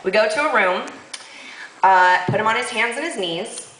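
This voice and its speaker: A woman telling a comic story on stage to a live audience, sassy and quick to laugh, with lively asides. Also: on the high side, roomy sound, a little hiss or hum, poor audio.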